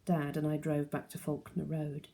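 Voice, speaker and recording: Teacher reading a novel aloud, woman, low gravelly voice, steady pace. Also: moderate pace.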